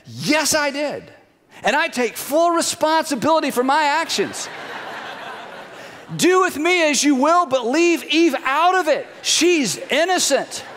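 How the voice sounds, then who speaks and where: A man's voice: very high voice, very animated, unhurried, fairly bright tone, long reverb tail, a little hiss or hum, pitched above the performer's own voice, heavily acted. A man voicing the first man as a defensive adult who shifts the blame onto others. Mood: solemn. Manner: indignant, self-justifying.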